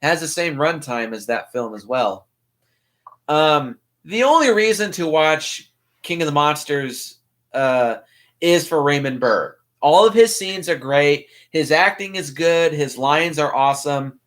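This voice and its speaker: A man's voice: fairly high pitch, lively intonation, a little slow, a bit bright. A young man hosting a casual film review podcast, blunt and opinionated, with frequent ums. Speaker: podcast host. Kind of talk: casual movie review chat.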